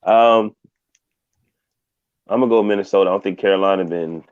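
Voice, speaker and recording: A man with a fairly low voice joins a sports chat as a guest and comes through on dull, lo-fi audio. He speaks loosely and haltingly and is quick to laugh. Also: darkish tone, smooth.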